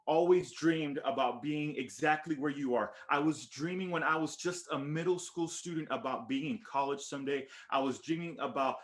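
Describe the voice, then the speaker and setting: A man's voice: a little high, moderate pace, hardly any pauses, soft background music. A man from the Texas border region giving an emphatic motivational keynote to students, repeating phrases and calling listeners by name over a video call. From Texas border region, USA. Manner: emphatic, repetitive storytelling that addresses listeners by name. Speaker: motivational speaker.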